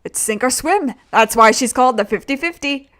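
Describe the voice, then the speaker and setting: Lady putting on a gruff ship captain guy, rough sailor talk, bit deeper than her own voice. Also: animated, moderate pace, a bit bright. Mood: boastful. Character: gruff middle-aged male ship captain.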